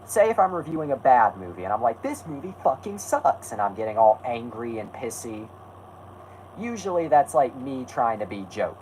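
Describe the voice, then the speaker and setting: A man's voice: medium pitch, big pitch swings, a little fast, a little mellow, poor audio. Guy rambling on a live stream, voice bounces around a lot, a bit of faint noise behind. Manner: rambling, testy with chat, self-correcting. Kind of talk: casual live stream talk.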